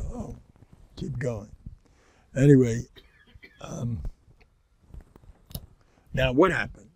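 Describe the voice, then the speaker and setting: Gravelly older New rabbi. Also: male voice, mid-range voice. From Far Rockaway, New York. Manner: rambling, jokey, animated asides with Yiddish and Hebrew words. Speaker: rabbi lecturer. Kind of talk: informal Torah talk.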